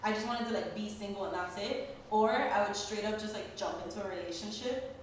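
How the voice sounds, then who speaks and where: A woman's voice: mid-range voice, fairly quick. A young woman in a casual podcast chat, talking in a slangy way full of fillers. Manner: slangy, filler-heavy talk. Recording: roomy distant mic, faint noise.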